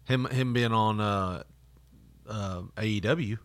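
A man's voice: fairly low pitch, slow pace, no room sound, clean studio sound. A man co-hosting a casual podcast chat, joking around and slipping into funny voices. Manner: jokey, animated, does funny voices. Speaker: podcast co-host.

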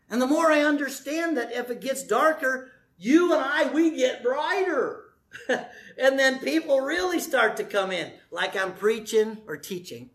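A man's voice: very high-pitched, sharp tone. A man in his sixties, a pastor preaching a sermon in a folksy, joking, conversational way. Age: 60s.

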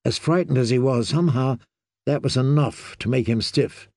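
A man reading a fantasy audiobook in a measured, steady storytelling manner. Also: mid-range voice, vocal fry, no room sound, studio quality. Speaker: audiobook reader.

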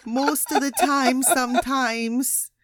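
A woman putting on a mystical female psychic with a mock English accent, speaking slowly and dramatically. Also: high voice, steady tone, heavy background noise. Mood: mysterious. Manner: slow, dramatic and mysterious.

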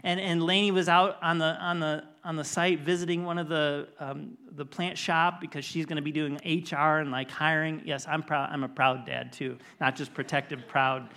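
A man's voice: fairly high pitch, little pitch movement, moderate pace, hardly any pauses, sharp tone. A middle-aged man preaching a sermon as a pastor, telling a personal story in an earnest way and building to emphatic preaching.

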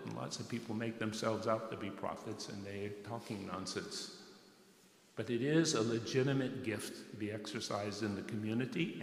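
A man preaching a sermon, emphatic, repeating words and dropping in "yes" and "right". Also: fairly low pitch. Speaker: pastor. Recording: echoey hall, slightly distant.

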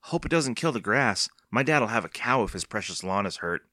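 A man's voice: lowish voice, lively intonation, normal speed, pushed and bright, no echo, clean studio sound. A man voicing a spunky young girl. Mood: brisk.

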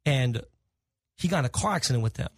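Brief: middle-aged male guest, rapid and lively, swears freely, dry close-mic sound. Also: mid-range voice, no echo. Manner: animated, profane, acts out quoted dialogue. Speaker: podcast guest. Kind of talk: casual storytelling.

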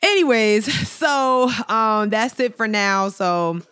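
A woman's voice: on the high side, animated, slow pace, fairly bright tone, smooth. A woman co-hosting a podcast, telling a long rambling joke in casual chat, full of fillers. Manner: rambling storyteller, heavy on fillers. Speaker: podcast co-host.

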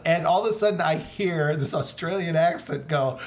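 A man's voice: sits high, normal speed. A man co-hosting a podcast, telling stories in casual chat with frequent laughter. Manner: animated storyteller, laughs often. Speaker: podcast co-host.

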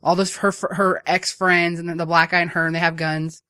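A speaker in casual chat, retelling a movie's plot in a rambling, animated way with many fillers. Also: medium pitch, brisk, clean tone, no room sound, clean studio sound. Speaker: movie recapper.

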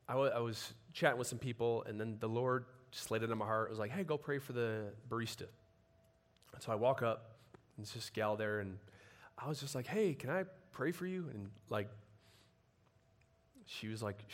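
A man preaching a sermon, telling stories in a relaxed conversational way and building to emphatic passages. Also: medium pitch, moderate pace, long pauses. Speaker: pastor.

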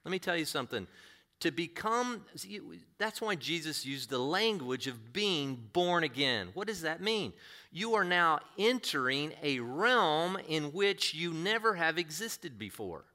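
A male pastor delivers an earnest sermon in a bright, forceful voice sitting a little above the usual male range. He talks in a conversational way and keeps asking his listeners rhetorical questions. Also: fairly high pitch, big pitch swings, measured pace.

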